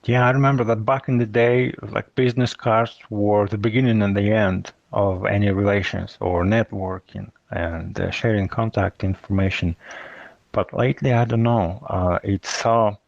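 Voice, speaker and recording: A man with a low, gravelly voice muses aloud in a casual chat, pausing on fillers. The sound is dry and dull, with no room around it. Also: fairly even intonation, no echo. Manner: hesitant, with filler pauses.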